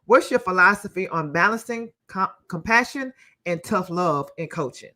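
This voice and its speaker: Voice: mid-range voice, animated, normal speed, pushed and bright. A podcast host asking interview questions in an upbeat, playful way.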